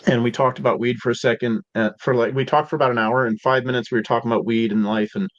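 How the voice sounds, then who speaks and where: A man's voice: mid-range voice, steady tone, fast, no echo. A man from Seattle, a podcast guest telling stories in a casual, slangy way full of "like" and "dude". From Seattle, USA. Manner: laid-back, slangy, peppered with "like" and "dude". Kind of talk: casual storytelling. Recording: dull, dry podcast audio.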